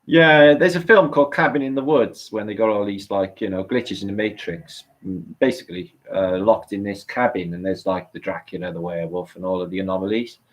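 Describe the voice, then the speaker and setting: A man's voice: sits low, brisk, hardly any pauses, low-quality recording. A middle-aged man hosting a live stream, chatting casually, rambling and swearing as he answers comments.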